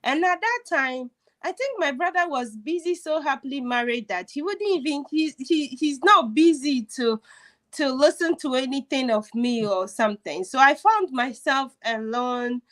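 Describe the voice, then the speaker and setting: A woman's voice: high voice, lively intonation, normal speed, a bit bright. A woman telling a personal story in casual chat, emotional and laughing as she goes, with many restarts. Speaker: host.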